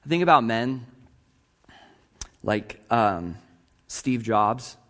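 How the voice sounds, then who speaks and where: A man's voice: mid-range voice, animated, extremely slow, fairly bright tone. A male pastor preaching a sermon with earnest delivery, posing rhetorical questions to the congregation and reading long quotations aloud.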